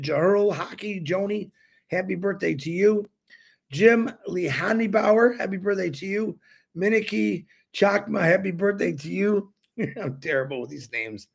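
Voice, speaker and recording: High, gravelly-voiced male co-host. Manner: warm, jokey, reads birthday names and prayer requests. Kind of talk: casual live-stream chat.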